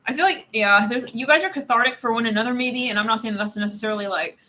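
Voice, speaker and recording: A woman's voice: on the high side, fast, sharp tone, slight background noise. A woman giving a casual live tarot reading, rambling with many fillers, swearing and laughing often. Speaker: tarot card reader.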